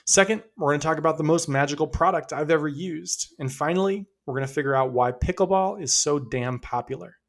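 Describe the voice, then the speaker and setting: A man's voice: fairly high pitch, a little fast, hardly any pauses. Upbeat man narrating a podcast. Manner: conversational, storytelling, upbeat. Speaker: podcast host.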